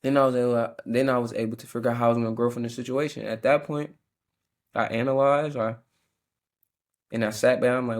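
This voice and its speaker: Young man, podcast host, relaxed slangy delivery, halting and self-correcting, average pitch. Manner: casual slangy talk with many restarts. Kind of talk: reflective faith podcast monologue.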